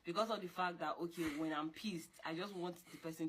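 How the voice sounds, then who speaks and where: A young woman, talking in an animated, scolding way, repeating her points and jumping up in pitch when she insists. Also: a little fast, hardly any pauses, slight background noise. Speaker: girlfriend in a couple argument. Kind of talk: casual heated monologue.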